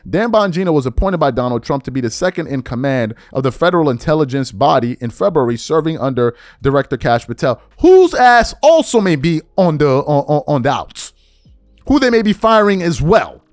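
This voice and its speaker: A man's voice: on the high side, big pitch swings, a little fast, no room sound. A man hosting a podcast, giving heated political commentary and reading news articles aloud with incredulous questions. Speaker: podcast host.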